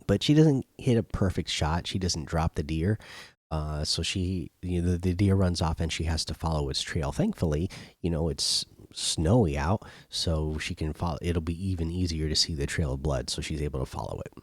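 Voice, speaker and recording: A man's voice: extremely low pitch, moderate pace, no echo, clean studio sound. A man hosting a show, retelling an episode casually with many fillers and restarts. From not British. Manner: loose, filler-heavy retelling. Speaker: host. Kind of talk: casual spoken recap.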